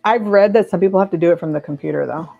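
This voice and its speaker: A woman's voice: on the low side, racing, creaky. Lazy, chatty woman live-streaming. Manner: chatty, reads and answers viewer comments aloud; relaxed and lazy, trailing off with fillers. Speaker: livestream host. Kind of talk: casual live-stream chat while crafting. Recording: dull lo-fi stream audio.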